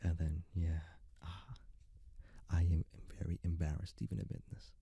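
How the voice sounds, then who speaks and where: A young man rambling in a soft-spoken ASMR style, close to the mic, filling his talk with "like". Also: sits low, flat delivery, normal speed, slightly rough, no room sound. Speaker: ASMR creator.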